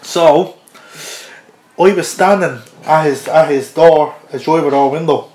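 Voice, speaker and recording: A man's voice: on the high side, a little slow, a little mellow. An Irish man, a podcast guest, telling an anecdote casually and chuckling through it. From Ireland. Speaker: interview guest. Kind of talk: casual storytelling. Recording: roomy echoey podcast audio.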